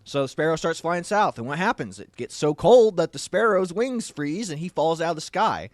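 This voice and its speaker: A man's voice: a little high, lively intonation, moderate pace, no echo. A man co-hosting a casual movie review show, rambling, with many restarts and fillers. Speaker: podcast co-host.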